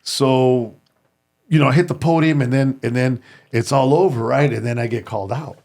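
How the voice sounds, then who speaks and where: A man, a former deputy sheriff, telling animated stories in casual chat, slipping into Spanish for quoted family. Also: mid-range voice, moderate pace. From family from Sinaloa and Durango. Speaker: podcast guest. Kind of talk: casual storytelling.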